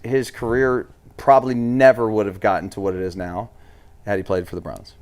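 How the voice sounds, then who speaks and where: A man co-hosting a sports talk show who jokes around and talks in halting bursts. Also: on the low side, level tone, darkish tone. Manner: joking, halting with fillers.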